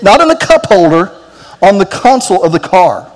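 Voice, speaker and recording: A man preaching a sermon as pastor, telling a self-deprecating story with humor and then speaking softly to lead a prayer. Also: high-pitched, sing-song, normal speed, long reverb tail, low-quality recording. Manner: drops to a soft, quiet tone for closing prayer. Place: church sanctuary.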